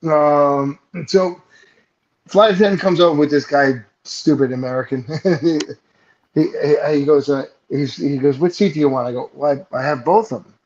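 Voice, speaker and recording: A man's voice: fairly high pitch, moderate pace, darkish tone, dull audio. A man on a remote call telling a rambling, profane comic story in casual chat, laughing at his own punchlines. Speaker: show regular telling a story.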